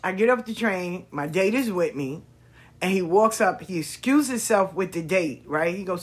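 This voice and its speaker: A woman hosting a podcast, telling stories in a casual monologue, expressive and repetitive, swearing freely. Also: lowish voice, moderate pace, breathy edge. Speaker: podcast host.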